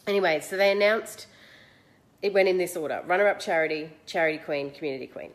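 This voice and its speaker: An Australian woman in her forties, hosting and telling a personal story in a chatty, animated, self-mocking way. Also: fairly low pitch, fast. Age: 40s. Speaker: host.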